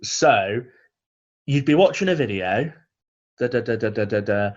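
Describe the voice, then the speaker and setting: A man's voice: medium pitch, animated, measured pace, dull audio. A man co-hosting a comedy podcast from home over a video call, mock-ranting in a dry, grumbling way. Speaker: podcast co-host. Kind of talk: casual comedic chat. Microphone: video call microphone.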